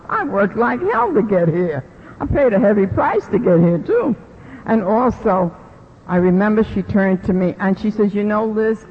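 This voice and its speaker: A middle-aged woman gives an animated personal testimony at a recovery meeting, acting out the voices she quotes. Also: medium pitch, slightly rough. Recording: lo-fi recording in a reverberant hall.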